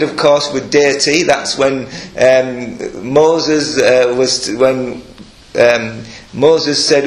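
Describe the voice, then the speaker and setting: An older man preaching a sermon, earnest and emphatic, breaking into soft chuckles and restarting his sentences. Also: mid-range voice. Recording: echoey room.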